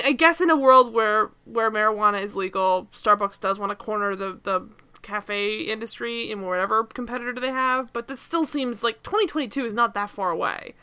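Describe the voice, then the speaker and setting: A woman with a bright, sharp and smooth voice, pitched a little high. She talks through a TV episode in loose, casual podcast chat. She rambles, with plenty of fillers and side comments. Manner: rambling, many fillers and asides. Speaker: podcast host.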